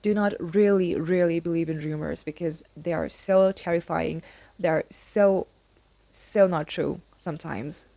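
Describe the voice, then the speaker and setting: A woman's voice: lowish voice, steady tone, unhurried, creaky, warm tone, no echo. A young woman giving earnest, repetitive advice about college life, talking straight to the listener in a casual vlog. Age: young adult. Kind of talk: casual advice talk to camera.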